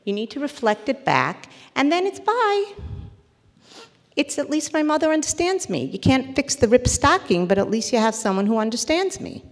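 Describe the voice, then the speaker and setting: A woman therapist giving a parenting lecture to a live audience, animated and acting out little scenes as she teaches. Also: on the high side, normal speed, long reverb tail. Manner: animated, acts out little scenes with quoted voices.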